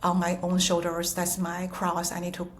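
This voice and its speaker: A woman's voice: on the low side, monotone, normal speed, slight background noise. A woman guest on a podcast, speaking earnestly and reflectively with some hesitation. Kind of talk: reflective conversational talk.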